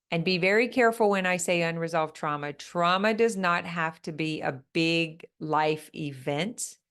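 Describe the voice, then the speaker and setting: A woman business coach speaking in a calm, soothing way, walking listeners through a guided relaxation exercise. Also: low-pitched.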